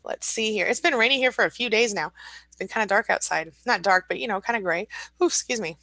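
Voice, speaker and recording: A middle-aged woman hosting a casual live stream from home, reading viewer comments aloud in a warm, encouraging, chatty way. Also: mid-range voice, quick pace, dry recording.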